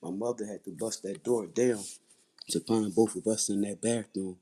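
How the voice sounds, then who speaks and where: Husky low-voiced man, intense. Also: normal speed, dark tone. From Philadelphia, USA. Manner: intense, repetitive, blunt and profane. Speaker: livestream host. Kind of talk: raw personal testimony on a livestream.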